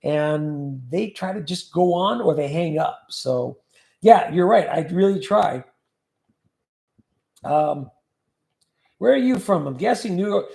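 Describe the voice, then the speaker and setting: A man's voice: high-pitched, lively intonation, takes it slowly, gravelly, long pauses, warm tone, echoey room. A man hosting a casual livestream, reading viewer comments aloud and joking about them. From California. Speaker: livestream host reading chat.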